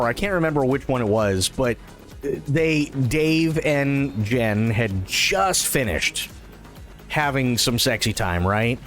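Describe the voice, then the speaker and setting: While streaming a game live, a man with a medium-pitched voice spins a lengthy, wandering story, chatting in an animated, profane, casual way. He laughs at his own tales.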